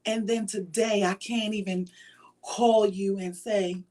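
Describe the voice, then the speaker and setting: A woman hosting her own show speaks straight to the camera. Her talk is casual and earnest, full of fillers, and she sounds heartfelt and driven by faith. Her voice sits at a middle pitch for a woman. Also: fairly even intonation, slow pace, a little mellow. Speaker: show host.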